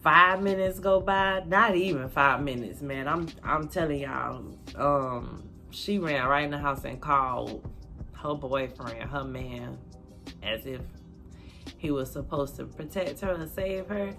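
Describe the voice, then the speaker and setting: Animated cussing woman telling a storytime. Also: measured pace, soft background music. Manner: animated, cussing, talks straight to viewers as y'all; acts out quotes in high loud bursts. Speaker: storytelling vlogger. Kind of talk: casual storytime monologue.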